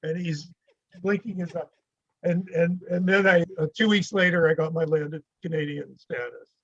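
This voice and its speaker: A man's voice: fairly high pitch, fairly even intonation, normal speed, a bit bright, dull audio. An older man from the United States, a podcast guest, telling rambling anecdotes with chuckles in a casual interview.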